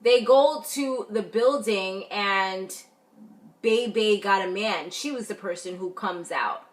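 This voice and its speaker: A woman's voice: mid-range voice, takes it slowly. A woman recapping a reality show in a casual vlog, chatty and blunt, with lots of fillers. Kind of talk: casual review chat.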